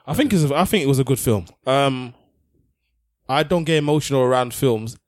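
A man's voice: mid-range voice, lively intonation, brisk, dry recording, clean studio sound. A man in a casual podcast chat, laid-back and hesitant, with many fillers. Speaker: podcast guest.

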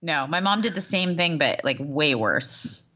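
A woman's voice: low-pitched, lively intonation, measured pace, bright, forceful tone. A woman co-hosting a podcast in casual chat, reacting emphatically and with lots of energy. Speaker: podcast co-host.

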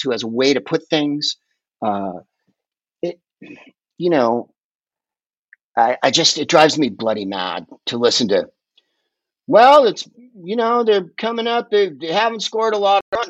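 A man's voice: mid-range voice, a bit bright, dry recording. Rambling, emphatic man on a dull line. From San Francisco Bay Area. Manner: rambling, emphatic, swears freely. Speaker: podcast guest. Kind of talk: casual conversational storytelling.

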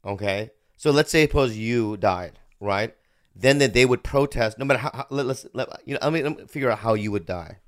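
A man hosting a podcast in casual chat, crude and excitable, rambling and swearing a lot. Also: medium pitch, brisk, dry recording, clean studio sound. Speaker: podcast host.

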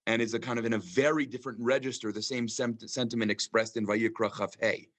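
A man, a rabbi, teaching a class on scripture, reading verses aloud and translating them, with frequent pauses and ums. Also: mid-range voice, steady tone, fairly bright tone. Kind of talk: lecture on scripture.

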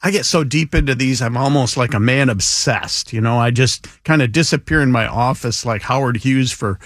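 A man's voice: medium pitch, moderate pace, a bit bright, no echo, studio quality. A man being interviewed as an author on a radio show, speaking in a friendly and articulate way. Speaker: author guest. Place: radio studio.

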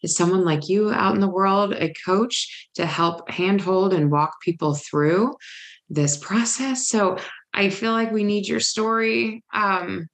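A woman hosting an interview, warm, supportive and openly emotional. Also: medium pitch, takes it slowly. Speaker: podcast host. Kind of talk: interview conversation.

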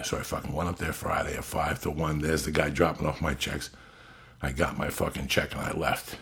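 A low, gravelly man spins a profane story in loose, blunt podcast talk. His voice is rough and raspy, sitting deep in his chest. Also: level tone, a little fast, a bit bright. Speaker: podcast host. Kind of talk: casual storytelling chat.

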